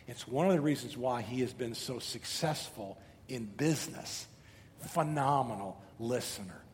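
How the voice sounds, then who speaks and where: A middle-aged man preaching a sermon as pastor, telling animated stories and asking rhetorical questions, often repeating words. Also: medium pitch, normal speed. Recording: reverberant hall with faint noise.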